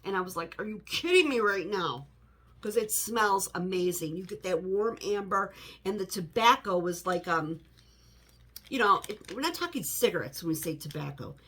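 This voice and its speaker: A woman's voice: medium pitch, moderate pace, fairly bright tone, breathy edge. A middle-aged woman chatting casually to the camera in her home office, rambling with many "you know" asides. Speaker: home fragrance vlogger.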